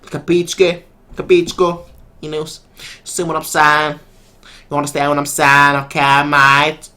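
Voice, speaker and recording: Man putting on a bad Italian-American tough guy, pitched up, exaggerated, stock phrases, joking accent attempt. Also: monotone, very fast, a little mellow, slight background noise, natural voice. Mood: mock-tough.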